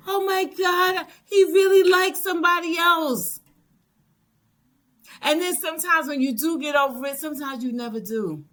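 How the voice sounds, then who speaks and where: Slow, emphatic Southern woman. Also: high-pitched, pushed and bright. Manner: emphatic, preachy, repeats phrases for effect. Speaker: reaction channel host. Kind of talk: storytime reaction commentary.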